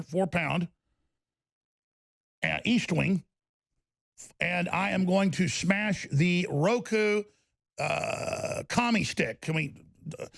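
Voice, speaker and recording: A middle-aged man hosts a talk radio show from a studio. His voice sits high and gravelly, and he rants in an energized way, stumbling over quick restarts. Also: a bit bright. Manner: energized, fast ranting with repeated restarts. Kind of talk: ranting talk radio broadcast. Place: broadcast studio.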